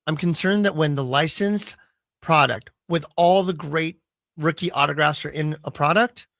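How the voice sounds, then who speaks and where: A man hosting a sports card radio show, chatting casually and lively, often slipping into quick comic voices. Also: fairly high pitch, no echo. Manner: animated, slips into quick comic put-on voices.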